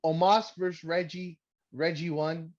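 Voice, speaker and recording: A man's voice: on the high side, little pitch movement, a little slow. A man co-hosting a casual podcast, rambling and sarcastic, cursing freely. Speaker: podcast co-host. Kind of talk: casual wrestling recap chat. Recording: dull lo-fi sound.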